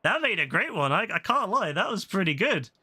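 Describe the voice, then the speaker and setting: A young man giving chatty, excitable casual commentary while playing an online game, full of fillers and quick laughs. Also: high-pitched, breathy edge. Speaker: gaming streamer.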